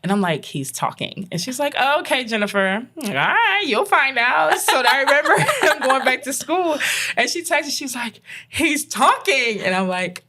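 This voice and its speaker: A woman guest on a podcast, a behavioral consultant, telling a personal story in an animated way and acting out what people said. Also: high-pitched, normal speed. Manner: animated, acts out quoted dialogue, laughs often.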